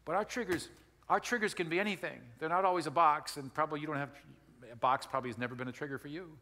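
Fairly high-pitched, bright, and forceful, a middle-aged man from Wisconsin moves quickly through a conversational pastor's sermon, repeating and restarting lines. Long hall reverb surrounds the recording.

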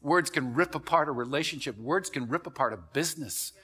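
Male pastor, sermon, high voice, bright tone, lively storytelling, repeats words. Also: fairly quick, breathy edge. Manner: animated storytelling with acted quotes; repeats words when building up. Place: church.

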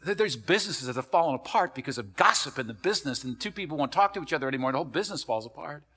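A male pastor preaching a sermon in a church, telling the story with lively acted quotes and repeating words as he builds up. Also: fairly high pitch, racing, slightly rough.

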